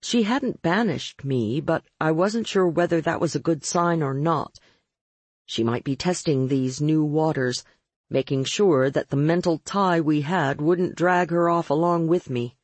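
A woman's voice: sits low, measured pace, darkish tone, no room sound. A woman reading a first-person audiobook with wry, sardonic narration.

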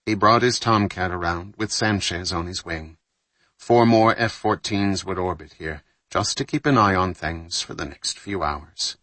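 Deep-voiced male narrator, slightly husky, measured and steady read for a thriller audiobook. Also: dry recording. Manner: measured, steady reading with lightly voiced dialogue.

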